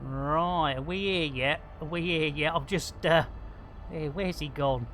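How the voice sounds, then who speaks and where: A man's voice: fairly high pitch, a little slow, a bit bright, a little hiss or hum. A man streaming a space game, chatting casually and full of playful catchphrases. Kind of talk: casual live game commentary.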